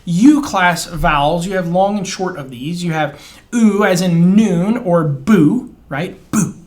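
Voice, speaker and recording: A man with a high-pitched but darkish voice gives an informal, encouraging spoken lesson on Biblical Hebrew pronunciation. He drawls each word slowly to demonstrate it, follows up with "okay?", and often restarts or uses fillers.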